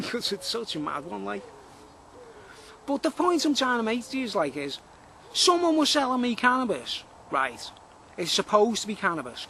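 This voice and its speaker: A man talks on and on in a high, bright voice, circling back with fillers and repeats. He records a rambling monologue outdoors in the woods, with faint background noise under his voice. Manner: rambling, repetitive, full of fillers. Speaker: vlogger.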